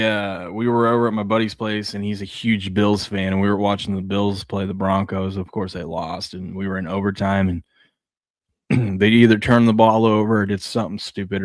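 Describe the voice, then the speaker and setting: A laid-back man in his thirties co-hosts a casual sports show, chatting and sharing family stories with lots of laughter. He speaks in a lowish voice, and the recording is studio quality with no echo.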